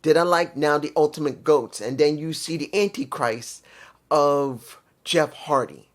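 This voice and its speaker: A man's voice: on the high side, measured pace. A man casually reviewing a wrestling show, rambling and circling back to correct himself.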